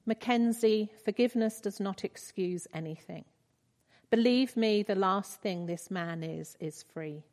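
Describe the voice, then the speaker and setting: A woman reading the lines of a gentle, fatherly God figure in a tender, reassuring way. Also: medium pitch, unhurried, lightly acted. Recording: reverberant hall.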